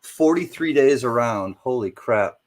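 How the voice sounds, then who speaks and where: A man co-hosting a casual livestream chat, giving easygoing shout-outs to viewers. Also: mid-range voice, expressive, a little slow. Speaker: co-host.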